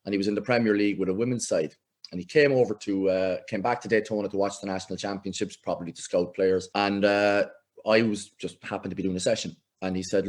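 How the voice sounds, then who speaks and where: A middle-aged Irish man, a football coach, telling lively anecdotes in a casual interview and acting out the voices he quotes. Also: lowish voice, fast talker. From Ireland. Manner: animated anecdotes, acts out quoted voices, laughs often. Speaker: football coach, podcast guest.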